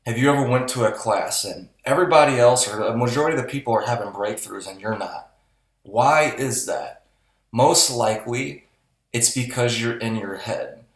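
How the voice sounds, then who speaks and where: Podcast co-host, a man, pep-talk style, blunt, mid pitch, roomy sound. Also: moderate pace. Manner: motivational, blunt, swears casually. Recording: roomy echo.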